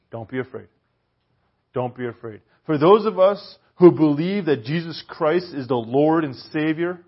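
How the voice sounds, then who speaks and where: A man delivers a sermon in a casual, animated way and sometimes softens to a hush. His voice sits a bit high. The recording is dull and lo-fi. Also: slightly rough. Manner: conversational and animated, shifting to hushed softness on key lines. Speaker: preacher.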